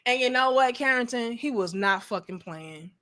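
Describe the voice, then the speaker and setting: Woman streamer, bright and punchy, brash and profane, slightly high voice. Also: moderate pace. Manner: blunt, profane, animated storytelling. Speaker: livestream host reading chat. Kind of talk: casual livestream chat.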